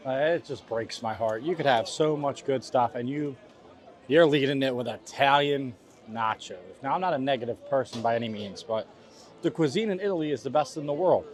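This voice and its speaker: A man's voice: medium pitch, fairly quick. A young man hosting a casual food review vlog outdoors at a festival, complaining in a playful, dramatic way. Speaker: vlog host. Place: outdoors at a theme park festival.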